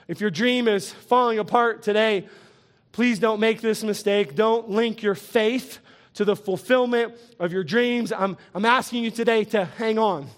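Man pastor w a really high voice, preaching, keeps asking the crowd stuff and laughing. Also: unhurried. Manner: lively, quizzes the congregation, chuckles often. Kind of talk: sermon.

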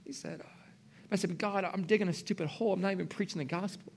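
A middle-aged man preaching a sermon in a church, moving between loud passion and hushed whispers. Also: high voice, fast talker, gravelly, husky.

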